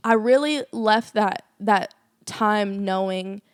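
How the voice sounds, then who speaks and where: A woman's voice: mid-range voice, slow, clean tone, no echo, clean studio sound. A young woman co-hosting a faith podcast, telling a personal story in earnest casual chat with lots of fillers. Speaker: podcast co-host.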